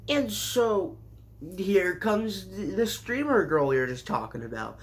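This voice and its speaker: Male anime reviewer, deadpan sarcasm, rambling recap, slightly high voice. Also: a little slow. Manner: sarcastic, rambling, with jumpy pitch.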